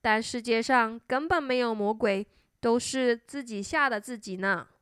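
A woman narrating a children's story in a slow sing-song manner. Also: fairly high pitch, a bit bright, clean tone, no room sound, clean studio sound.

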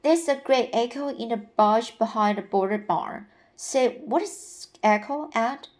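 An insistent, curious little boy from a storybook audiobook, put on by a woman reading aloud. He talks slowly, a touch higher and louder than a plain reading voice, and keeps pressing with questions. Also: natural voice. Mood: eager. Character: lively curious little boy, talkative and stubborn.

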